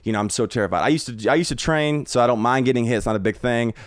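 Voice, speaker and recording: A man's voice: mid-range voice, racing, clean tone, no echo. A man, a guest comedian, telling a rambling, profane story full of restarts on a podcast recorded in a home studio.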